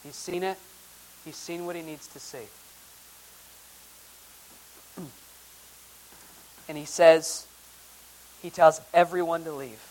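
Reading archaic scripture aloud and then unpacking it, a male preacher with a high voice moves through a Bible passage one verse at a time, his measured pace broken by long pauses. Though his intonation is fairly even, he shifts dramatically between quiet, intimate moments and loud, emphatic highs. The recording is low quality.

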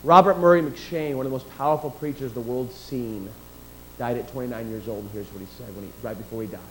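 A man preaching a sermon who swings from quiet asides to loud, drawn-out emphatic lines and reads scripture aloud. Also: mid-range voice, steady tone, slight background noise, poor audio. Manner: reads scripture in King James wording.

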